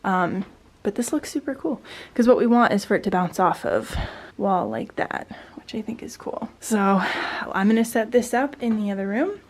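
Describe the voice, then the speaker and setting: A young adult woman chatting casually in a vlog, bubbly and chatty, laughing often and sometimes dropping to a soft near-whisper. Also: medium pitch, very animated, moderate pace, rough recording. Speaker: vlogger.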